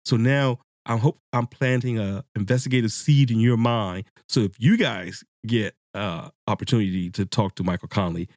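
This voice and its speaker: A man hosting a casual book-discussion podcast, talking to his listeners in a rambling, excitable way and swearing freely. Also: fairly low pitch, normal speed, few pauses, no room sound, clean studio sound. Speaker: podcast host.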